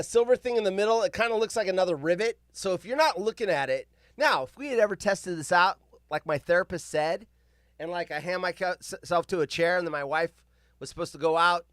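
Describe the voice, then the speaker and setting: A man hosting a live stream from his home office, telling a story to his chat in a casual, animated, self-mocking way and acting out other people's lines. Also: sits high, clean tone, no room sound, clean studio sound.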